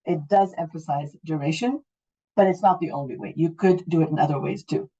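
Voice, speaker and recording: A woman's voice: deep voice, brisk, dark tone, slightly rough, lo-fi sound. A middle-aged woman with a Canadian accent, teaching an online English class, explaining patiently and checking that students follow.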